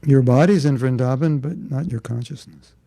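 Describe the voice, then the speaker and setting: A man leads a relaxed spiritual class, his voice dark and gravelly. He speaks conversationally, tossing in rhetorical questions and light asides. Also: mid-range voice, normal speed, dry recording. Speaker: spiritual teacher.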